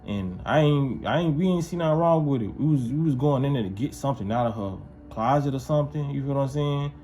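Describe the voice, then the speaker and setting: A man's voice: mid-range voice, lively intonation, quick pace, warm tone, soft background music. A man telling a casual story to camera, loose and repetitive, often checking that his listener follows. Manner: loose, repetitive, keeps asking "you feel what I'm saying".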